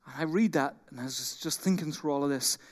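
A man preaching a sermon as pastor, animated, acting out quoted complaints and then dropping into quiet intensity. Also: on the high side, quick pace. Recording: long hall reverb.

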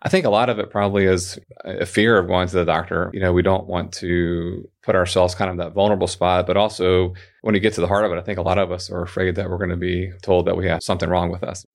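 Man, doctor, interview answers, deep voice, monotone, quick. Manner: measured, cites research data.

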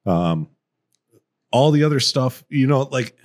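A man's voice: mid-range voice, lively intonation, measured pace, a little mellow. A man co-hosting a podcast, telling rowdy stories in a casual, profane way and laughing as he goes. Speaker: podcast co-host. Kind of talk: casual storytelling.

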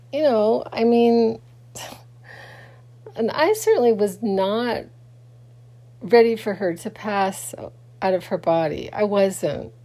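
Middle-aged woman, slow unhurried talk, mellow warm tone, grieving, sleepy, rambling with fillers. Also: mid-range voice. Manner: rambling, halting, many fillers and restarts; sleepy, late at night. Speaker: vlogger. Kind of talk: casual personal talk to camera.

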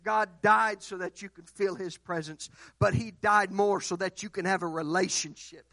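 A young man preaching a sermon, building through repeated phrases toward passionate shouts. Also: high-pitched, steady tone, normal speed, no room sound. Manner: impassioned, repetitive cadences building to shouts.

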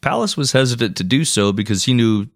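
A man's voice: mid-range voice, expressive, fairly quick, no echo, clean studio sound. A man co-hosting a history podcast, reading out his notes in a laid-back, profane way. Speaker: podcast co-host. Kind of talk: casual history podcast narration.

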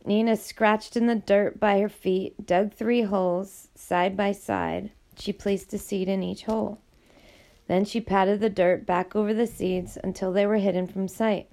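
Audiobook narrator: woman, gravelly, middle pitch, steady reading. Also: measured pace. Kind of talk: scripted narration.

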